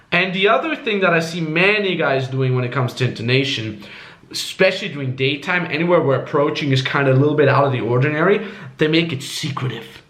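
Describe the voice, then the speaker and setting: A man coaching in casual talk, animated, swearing freely and acting out different tones with high squeaky swoops. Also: fast. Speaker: dating coach.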